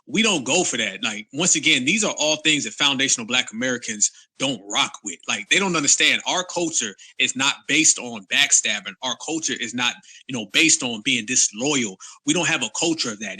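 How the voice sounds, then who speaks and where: Man, co-host, firm and emphatic, very bright forceful voice, mid pitch. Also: expressive, fairly quick, hardly any pauses, slightly rough. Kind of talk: casual discussion.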